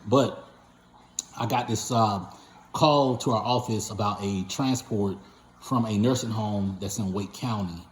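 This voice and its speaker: A man's voice: fairly low pitch, measured pace, a little hiss or hum. A man who runs a patient transport company, casually telling a story to his viewers in a rambling way, full of fillers and self-corrections. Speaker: owner of a patient transport company, channel host. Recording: roomy echo.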